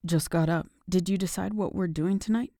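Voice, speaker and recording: A protective young man, a bit gruff and understated, from an audiobook, as a woman narrator plays him. The voice is low-pitched and sounds close and dry, with no room around it. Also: moderate pace, mellow, no room sound, natural voice. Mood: casual. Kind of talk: audiobook dialogue.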